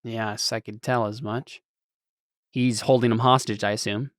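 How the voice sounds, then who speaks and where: A man voicing a reserved male companion who speaks quietly and matter-of-factly. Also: mid-range voice, steady tone, normal speed, no echo, studio quality, lightly acted. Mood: dry.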